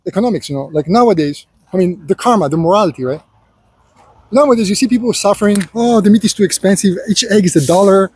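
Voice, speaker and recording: Rambling, preachy man with a husky voice. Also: sits high, mellow, dry recording. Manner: rambling, heavy with filler phrases; preachy, lecturing the listener as "son". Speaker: vlogger. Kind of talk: unscripted personal monologue.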